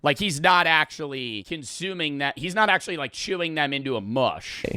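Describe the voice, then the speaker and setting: Bright, clear-voiced young man riffing. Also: on the high side, normal speed, no echo, studio quality. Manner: rambling, animated, swears often. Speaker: streamer reacting to a video. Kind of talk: casual reaction commentary with profanity.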